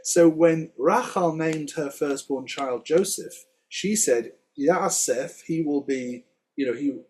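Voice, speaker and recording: A man teaching Hebrew words in a relaxed Torah study conversation, chatty and quick to laugh. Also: a little high, husky. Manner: chatty, laughs often, explains word by word. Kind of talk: casual Torah study chat.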